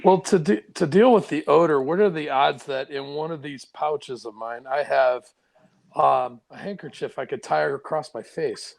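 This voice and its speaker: A man joins a tabletop game as a player and keeps up jokey, laughing banter. His voice sits a bit high, with a strong gravelly fry running through it. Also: normal speed. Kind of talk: casual tabletop play.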